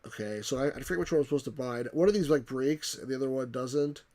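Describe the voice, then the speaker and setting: A man's voice: mid-range voice, fast, warm tone. A man hosting a let's play, rambling casually as he reads game text and chat aloud.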